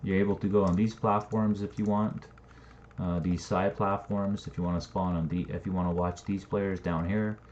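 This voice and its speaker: A low-sitting, slightly mellow male voice with flat delivery and a moderate pace narrates a game-map build. He muses aloud in casual, meandering screen-recording commentary, occasionally swearing, over a dull lo-fi mic carrying faint noise and typing.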